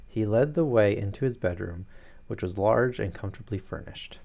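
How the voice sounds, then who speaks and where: A man reading a detective story aloud on a live stream, steady and plain, with the odd joking aside. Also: fairly low pitch, normal speed, gravelly.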